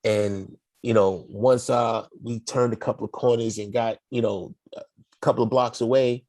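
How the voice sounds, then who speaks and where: A man's voice: mid-range voice, normal speed, dry recording. A middle-aged man, telling a story in a casual, slangy way as an interview guest. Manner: slangy, animated, acts out the people in his story.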